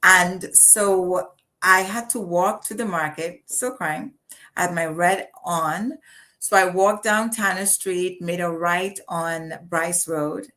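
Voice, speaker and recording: Lady in her middle years, lowish voice, telling a story on her live stream, heartfelt, keeps restarting her sentences. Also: steady tone, takes it slowly, sharp tone. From Trinidad. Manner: reflective and heartfelt, frequent restarts. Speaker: channel host.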